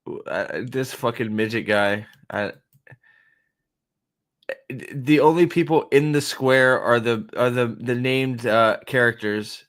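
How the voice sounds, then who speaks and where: A man's voice: medium pitch, slow, a bit bright. Foul-mouthed, exasperated man ranting. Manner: profane, exasperated, sarcastic. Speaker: host reviewing a TV episode. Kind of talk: ranting reaction commentary.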